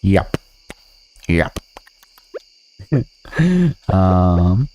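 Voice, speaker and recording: A man's voice: deep voice, extremely slow, a little mellow, slight background noise. A man streaming a farming game, chatting to viewers in a goofy, rambling way with silly sing-song bits. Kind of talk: casual gameplay commentary.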